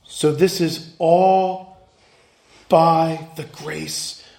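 A man's voice: a little high, very animated, extremely slow, mellow, echoey room. A male pastor giving a sermon, earnest and emphatic, asking his listeners questions.

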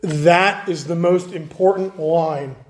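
High-voiced man preaching a sermon. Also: fairly even intonation, takes it slowly. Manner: conversational, acts out quoted voices. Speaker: pastor.

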